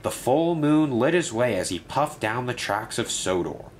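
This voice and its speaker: Narrator: man, mid-pitched, animated storybook reading. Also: moderate pace, slight background noise.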